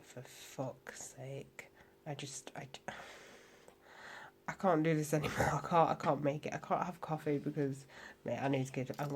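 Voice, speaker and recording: A woman's voice: a bass voice, slight background noise. A tired young woman talking casually at home late at night, sweary and rambling, sometimes dropping to a whisper. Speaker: vlogger.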